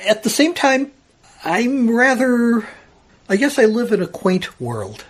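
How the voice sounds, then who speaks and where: A man's voice: very high-pitched, slow pace, slight background noise. A man in his sixties, casually telling a long personal story at home and acting out the people he quotes. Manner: animated storyteller, acts out quoted voices. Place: old house at home.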